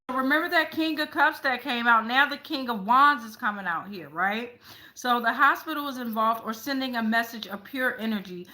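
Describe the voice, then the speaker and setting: A woman's voice: a little high, bright, forceful tone, poor audio. A woman hosting a casual tarot reading, chatty, often tagging her sentences with "okay?" and swearing now and then. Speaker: tarot reader.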